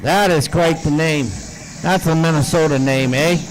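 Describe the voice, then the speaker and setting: An older man announcing a truck pull outdoors, breaking into a rapid-fire auction chant in a folksy way. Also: on the high side, slight background noise, low-quality recording. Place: outdoor raceway.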